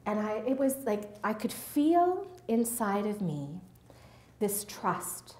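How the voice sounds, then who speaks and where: A woman speaker giving an earnest personal testimony, halting and restarting often and checking in with "right?" and "okay?". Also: mid-range voice, sing-song, darkish tone. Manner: earnest, halting, with many restarts and tag questions. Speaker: invited faith speaker. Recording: roomy hall sound.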